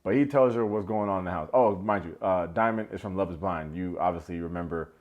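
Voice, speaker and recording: A young man casually recapping a reality show, chatty and playful, with lots of "like" and quick asides. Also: low-pitched, phone-quality sound. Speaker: YouTube recap host.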